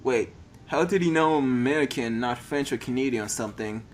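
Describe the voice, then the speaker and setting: A man's voice: mid-range voice, a little fast, a little hiss or hum. A man reading a text adventure game aloud, stumbling over words and adding joking asides.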